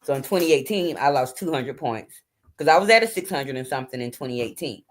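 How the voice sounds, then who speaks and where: A woman's voice: rumbling low, expressive, fast. Chatty woman hosting a late-night livestream. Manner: chatty, informal, talks straight to viewers. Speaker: livestream host. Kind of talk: casual livestream chat with viewers. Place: home at night. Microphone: phone or webcam.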